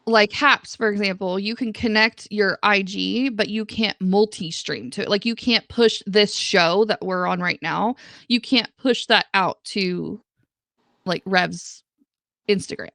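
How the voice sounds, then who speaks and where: A woman's voice: medium pitch, measured pace, gravelly, fairly bright tone, no echo. A woman guest co-hosting a live stream, chatting casually, hedging and laughing often. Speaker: co-host guest. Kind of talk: casual chat.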